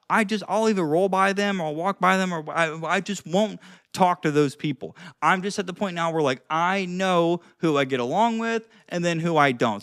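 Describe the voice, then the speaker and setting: A man's voice: on the high side, a bit bright, clear, resonant tone, no echo, clean studio sound. A young man casually talking to camera in an advice vlog, rambling with lots of "like" and restarts. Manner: rambling, frequent "like" and restarts, demonstrates tones. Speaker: social skills vlogger.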